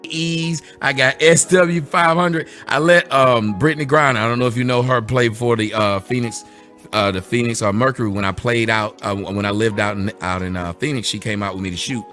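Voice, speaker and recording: A man hosting an interview, talking in a relaxed, easygoing way that turns animated when he jokes. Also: mid-range voice, normal speed, soft background music. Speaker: host. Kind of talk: casual interview.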